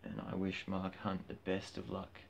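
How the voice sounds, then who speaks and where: Low, gravelly man ranting. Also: completely flat delivery, moderate pace, lo-fi sound, a little hiss or hum. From Australia. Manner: cheeky, blunt, gets loud and heated when ranting. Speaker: livestreamer. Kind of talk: casual rambling livestream. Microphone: phone.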